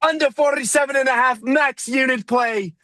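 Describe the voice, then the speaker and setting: A man putting on a rowdy, swearing Irish accent, shouting about a game. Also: very high-pitched, moderate pace, no room sound, pitched above the performer's own voice. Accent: put-on Irish. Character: rowdy foul-mouthed Irish man, adult.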